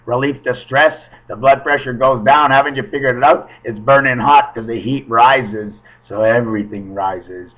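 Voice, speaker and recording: A man rambling in a free-associating monologue at home, swinging between murmurs and loud outbursts. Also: medium pitch, fairly even intonation, normal speed, hardly any pauses. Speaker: webcam vlogger. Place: at home, indoors. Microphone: webcam. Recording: muffled webcam audio.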